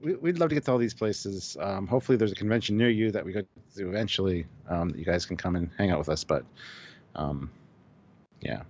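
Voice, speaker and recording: A man's voice: sits low, fairly quick, darkish tone, muffled recording. A man co-hosting a live stream, chatting casually, reading viewer comments aloud and laughing often. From Canada.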